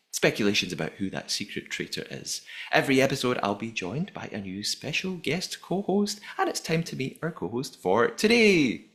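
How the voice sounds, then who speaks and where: A man hosting a podcast, reading an upbeat intro and chatting with his guest. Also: mid-range voice. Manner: lively, upbeat scripted intro. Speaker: podcast host. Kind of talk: podcast chat.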